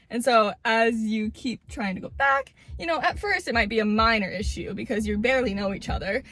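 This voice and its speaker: A woman's voice: fairly high pitch, brisk, few pauses, a bit bright. A woman giving casual relationship advice to camera, blunt and emphatic, swearing freely and repeating words for stress.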